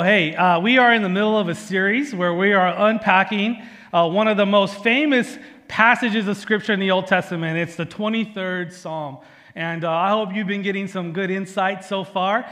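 A pastor with a notably high voice for a man delivers a sermon. He speaks earnestly and conversationally, with fillers and emphatic repeats. His voice rings out with the long reverb of a church hall. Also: fairly bright tone. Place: church sanctuary with people present.

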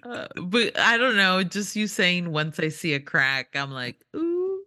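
Slow-talking bright woman, casual chat. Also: on the low side, animated, dry recording, studio quality. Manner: giggly, loose and joking. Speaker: podcast co-host.

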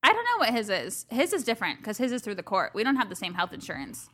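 A woman's voice: mid-range voice, big pitch swings, fast talker, a bit bright. A woman co-hosting a podcast, chatting casually, swearing freely and laughing often while she tells a story. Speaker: podcast co-host. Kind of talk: casual chat.

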